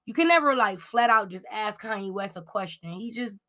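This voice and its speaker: Lady doing celeb gossip, super chatty, lots of like and um, mid pitch. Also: fairly quick. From Cleveland, Ohio. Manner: chatty, lots of "like" and "um", animated asides. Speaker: celebrity gossip podcast host. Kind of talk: casual gossip commentary.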